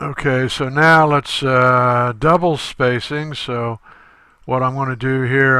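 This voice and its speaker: A male instructor talking through a screen-recorded tutorial step by step, halting often with fillers. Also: mid-range voice, pushed and bright, smooth, no room sound.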